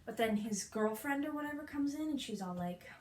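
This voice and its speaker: A young woman retelling a musical in a fast, playful, slangy way, acting out the quotes, recorded in a room with faint noise. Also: fairly high pitch, animated, darkish tone, reverberant. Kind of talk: hyper comic retelling.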